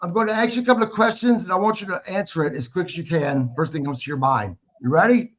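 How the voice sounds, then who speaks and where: A man hosting a wrestling podcast, asking interview questions with halting, stammering restarts. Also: high voice. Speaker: podcast host. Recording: slightly dull lo-fi audio.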